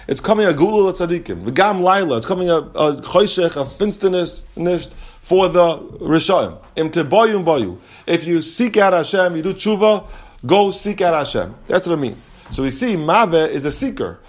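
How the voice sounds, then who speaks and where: Leading a Talmud lesson, this teacher speaks with a somewhat high pitch and the lilting singsong of study. As he explains, he drops in Hebrew and Aramaic terms.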